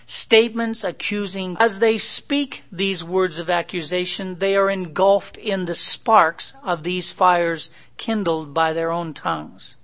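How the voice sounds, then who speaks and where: A man's voice: high voice, fairly even intonation, slow pace, hardly any pauses, fairly bright tone. A middle-aged man preaching an expository sermon, reading scripture with rising emphasis and often correcting himself mid-phrase. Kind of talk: sermon, expository Bible teaching.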